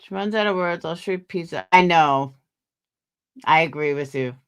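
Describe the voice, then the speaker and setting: A woman with a deep, smooth voice speaks at a moderate pace while hosting a casual livestream. Yawning and tired, she chats and gossips with her live viewers, reading out their names in greeting.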